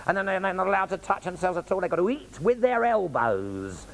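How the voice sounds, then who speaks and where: A man telling a comic travel story as a raconteur, with cheeky asides and an animated, gravelly delivery. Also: high-pitched, brisk, poor audio.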